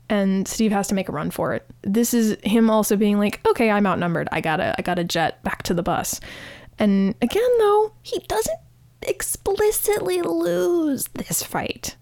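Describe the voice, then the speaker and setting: A woman hosting a podcast, giving a casual, animated recap of a TV episode with frequent restarts. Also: mid-range voice, no room sound. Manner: chatty, animated retelling with restarts. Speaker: podcast host.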